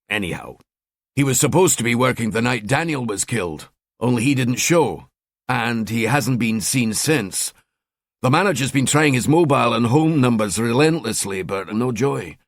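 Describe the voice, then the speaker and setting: A man's voice: medium pitch, dry recording, clean studio sound, lightly acted. A man voicing a cheeky, sardonic male police detective in an audiobook. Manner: wry, chatty.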